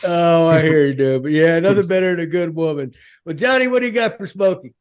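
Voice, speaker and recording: A man's voice: a little high, a little fast, clear, resonant tone. A man hosting a casual sports chat show, talking in a folksy, rambling way full of fillers. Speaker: show host.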